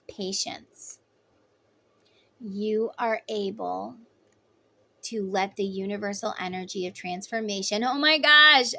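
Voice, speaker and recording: A female tarot reader gives a casual reading in an emphatic, chatty style, acting out voices when she quotes people. Her voice is mid-range and creaky.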